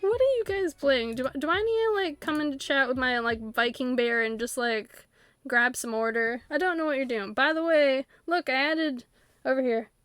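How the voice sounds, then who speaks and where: A chatty woman with a high, light voice talks to her viewers on a game stream. She rambles happily and breaks into giggles often. Soft game music plays faintly underneath. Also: moderate pace, clear, resonant tone, dry recording. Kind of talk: casual live-stream chat while playing.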